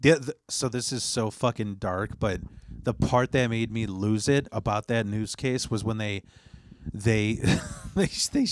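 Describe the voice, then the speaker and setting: A man's voice: lowish voice, measured pace. A man chatting casually on a podcast, rambling and swearing, with lots of fillers and restarts. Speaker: podcast co-host.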